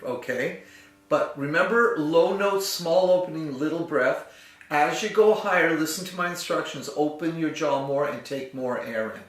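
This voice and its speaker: A man's voice: fairly high pitch, moderate pace, fairly bright tone. Man coaching vowels over piano. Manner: patient, instructive, demonstrates vowels. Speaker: voice teacher. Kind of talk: one-on-one singing lesson. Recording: roomy, distant mic with piano.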